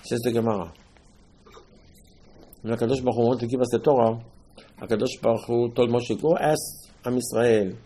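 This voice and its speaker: Male rabbi type, husky voice, mid pitch, emphatic repeating storyteller giving a religious lesson. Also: steady tone, brisk, pauses often, mellow. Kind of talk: Torah lesson on Passover night.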